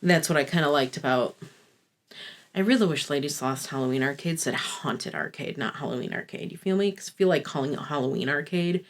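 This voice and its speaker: A woman's voice: deep voice, brisk. A woman in her thirties chatting through a casual review vlog, candid, rambling and self-deprecating, with frequent swearing. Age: 30s. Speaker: fashion vlogger.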